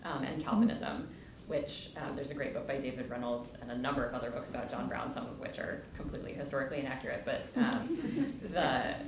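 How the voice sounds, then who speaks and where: A woman in the audience at a college lecture asking a question, speaking quickly and hesitantly with many "um" fillers. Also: very deep voice. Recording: distant, echoey, noisy hall mic.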